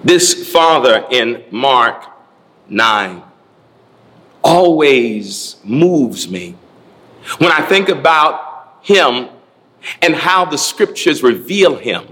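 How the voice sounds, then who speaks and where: A man's voice: medium pitch, very animated, drawn-out words, long pauses, a bit bright, in a large hall. A man preaching a sermon, building his points through rhythmic repeated phrases. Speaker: pastor.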